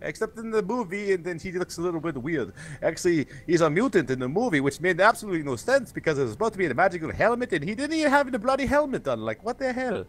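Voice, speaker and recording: A man's voice: sits high, very animated, fast, hardly any pauses. A man voicing an ancient vampire count with a put-on foreign accent, theatrical and fussy, on a game stream voice chat. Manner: grand put-on foreign accent, sweeping exclamations.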